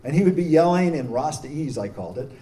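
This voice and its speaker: A man's voice: fairly high pitch, expressive, fairly quick, warm tone. A middle-aged man, a prison chaplain, telling his story in a folksy, self-deprecating way. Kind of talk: storytelling talk. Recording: distant mic with faint noise.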